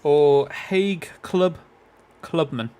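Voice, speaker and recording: A man co-hosting a game stream, teasing his partner with quick quips and giggles. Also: on the high side, warm tone. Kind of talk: casual banter while gaming.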